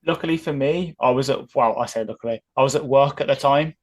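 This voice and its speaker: A man's voice: medium pitch, fairly quick. A man co-hosting a casual live fan show, chipping in with short reactions. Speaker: podcast co-host. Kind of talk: casual live-stream chat.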